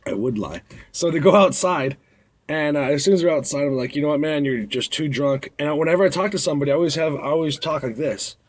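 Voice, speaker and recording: A man's voice: on the high side, quick pace, slight background noise. Blunt rambling bouncer guy. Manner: blunt, rambling, acts out drunk patrons. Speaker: bar bouncer. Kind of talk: casual storytelling vlog.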